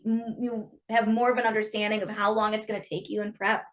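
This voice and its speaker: A woman's voice: medium pitch, level tone, fairly quick. A woman guest explaining her film work frankly and at length in a casual interview. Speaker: guest, script supervisor.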